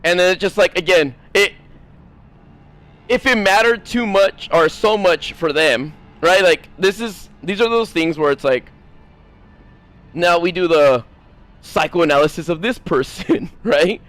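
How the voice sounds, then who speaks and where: Man, high voice, gaming streamer, rambling profane rant, casual. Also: fairly bright tone. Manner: rambling, profane, mimics others in quick asides.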